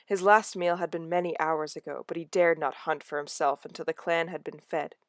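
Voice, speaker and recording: A woman reads a novel aloud in a lowish, hushed voice, easing toward a whisper when the story tightens. The sound is dry and close, with no room around it. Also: fairly even intonation, a little fast, dry recording. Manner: soft, hushed narration that drops to a whisper in tense moments. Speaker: audiobook reader.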